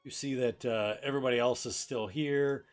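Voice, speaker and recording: A man narrating as game master in a relaxed, hesitant way with many fillers. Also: mid-range voice, normal speed. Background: background music.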